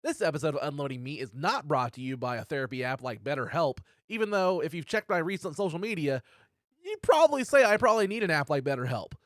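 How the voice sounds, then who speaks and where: A man hosting a casual podcast from Oklahoma, telling stories animatedly and jumping into squeaky impressions. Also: sing-song, quick pace, no room sound, clean studio sound. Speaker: podcast host.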